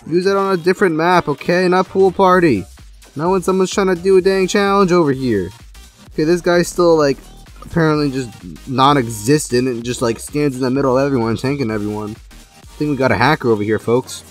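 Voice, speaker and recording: A young man giving gameplay commentary, excitable, jumping from loud outbursts to low mumbling. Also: fairly quick, soft background music. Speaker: gaming YouTuber.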